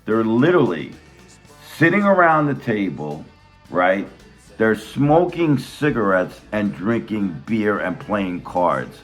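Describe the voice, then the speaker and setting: A middle-aged man telling a childhood story in a casual, animated way, swearing a lot and acting out the other people's voices. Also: on the low side, slow, soft background music.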